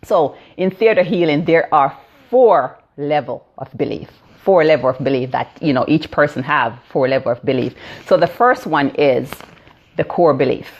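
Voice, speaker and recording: Low-voiced Jamaican woman in her fifties. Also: moderate pace, highs cut off. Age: 50s. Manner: explanatory, many fillers and "right?" check-ins. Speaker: theta healing practitioner. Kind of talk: live-stream teaching talk.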